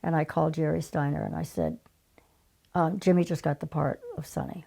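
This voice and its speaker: Brief: older woman in her 70s, deep gravelly voice, lively anecdotes with hushed asides. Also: brisk. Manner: lively, dropping into breathy whispered asides. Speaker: casting director. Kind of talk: anecdotal interview storytelling.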